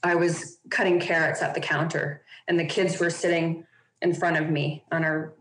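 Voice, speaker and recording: A woman's voice: low-pitched, flat delivery, moderate pace, a bit bright, roomy sound, low-quality recording. A woman guest on a podcast, telling a personal story openly and earnestly, with lots of casual fillers.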